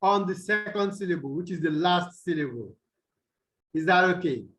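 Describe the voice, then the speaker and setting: A man tutoring English pronunciation over a video call, asking questions and answering them himself, and repeating words slowly to show where the stress falls. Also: high voice, expressive, a bit bright, low-quality recording. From Nigeria. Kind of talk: online tutorial lesson.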